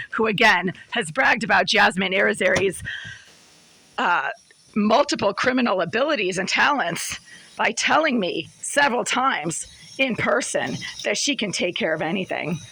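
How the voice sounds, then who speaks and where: A woman with a husky, smoker-like voice filming herself in her apartment kitchen, delivering an agitated, accusatory rant. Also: medium pitch, bright, forceful tone, a little hiss or hum, poor audio. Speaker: vlogger. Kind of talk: angry complaint vlog.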